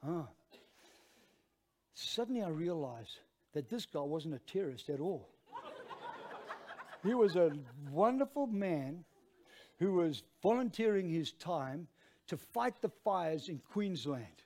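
An Australian man preaching with a high-pitched voice. He tells the story with lively, self-mocking energy and turns to the congregation often. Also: takes it slowly, long pauses. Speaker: pastor. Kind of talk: storytelling sermon.

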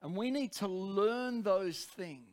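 A man's voice: high-pitched, expressive, slow, a little mellow. A man preaching a sermon, telling a personal story in an earnest, direct way.

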